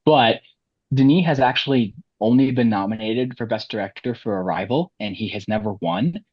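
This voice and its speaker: A low-voiced man with a husky edge rambles through his opinions, circling back often as he talks. His voice sounds dry and a bit dull, recorded close. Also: normal speed, no room sound. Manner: rambling, many restarts. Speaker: podcast co-host. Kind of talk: casual chat.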